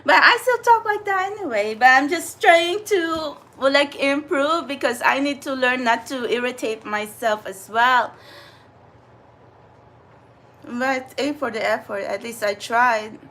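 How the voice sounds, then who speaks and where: A woman with a high, bright voice chats away in a casual vlog. She rambles with lots of fillers and restarts, and she laughs easily as she talks. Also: a little slow, few pauses. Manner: chatty, animated, frequent laughs and fillers. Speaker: vlogger and spiritual channeler. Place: New York City area.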